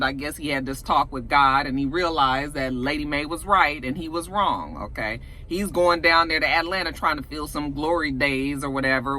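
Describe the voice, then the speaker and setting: A young woman giving a casual, sassy recap of a TV episode, acting out the characters' lines as she goes. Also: fairly high pitch. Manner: animated, sassy storytelling with acted-out quotes. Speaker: TV recap vlogger.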